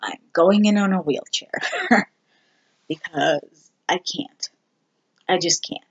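A vlogger giving a candid personal update, talking slowly and haltingly with many ums and restarts. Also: medium pitch, husky, highs cut off. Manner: candid and self-deprecating. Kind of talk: casual personal health update.

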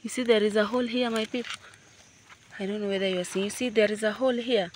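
A woman's voice: mid-range voice, fairly even intonation, quick pace, slight background noise. A woman with a Kenyan accent, chatting playfully to her viewers outdoors at a home building site. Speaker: vlogger. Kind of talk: casual vlog chat.

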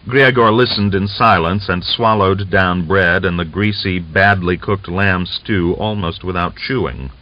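A man narrating an audiobook novel in a measured, even storytelling delivery, on a dull lo-fi recording. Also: sits low. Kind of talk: scripted narration.

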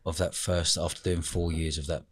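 A man from England hosting a podcast, asking casual, animated questions of his guest. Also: low voice, moderate pace, crowd noise. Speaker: podcast host. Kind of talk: interviewing a guest.

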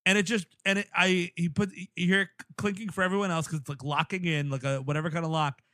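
Comedy podcast co-host, male, high and bright voice, dry close mic, loose storyteller. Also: quick pace, no echo. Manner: animated storyteller acting out scenes. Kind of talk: casual comedic chat.

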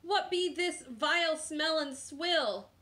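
A woman voicing a loud, blustering male pirate captain in a picture book read aloud. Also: high voice, slow pace, voice pushed up, heavily acted. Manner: hollering pirate talk.

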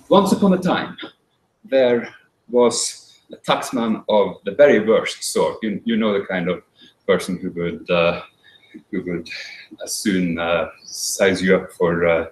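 A man giving a talk and telling a folk tale, with dry, wry humor and frequent halting restarts. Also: low voice. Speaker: speaker. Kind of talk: storytelling talk. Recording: roomy echo.

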